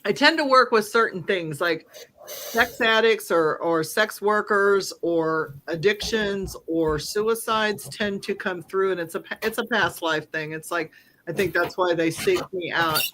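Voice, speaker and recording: A woman medium on a podcast, telling stories with a bright, forward tone. She swears freely and laughs often. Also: mid-range voice, unhurried, slight background noise. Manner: blunt and profane, laughs often. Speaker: psychic medium, podcast guest. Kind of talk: casual storytelling.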